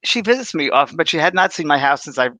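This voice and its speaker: A man in his sixties, a medium, telling stories in a chatty, animated way on a spiritual talk show and acting out the voices he quotes. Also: on the high side, fast talker, no room sound, low-quality recording. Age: 60s. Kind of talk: spiritual conversation on a live show.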